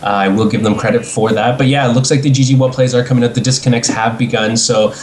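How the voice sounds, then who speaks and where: A man doing casual play-by-play commentary on an esports match, excitable and quick to laugh. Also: mid-range voice. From Canada. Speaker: esports caster.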